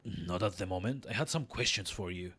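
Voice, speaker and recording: A man voicing a scarred male wanderer hero, giving low, hesitant replies in game dialogue. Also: fairly quick, a bit bright, breathy edge. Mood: subdued.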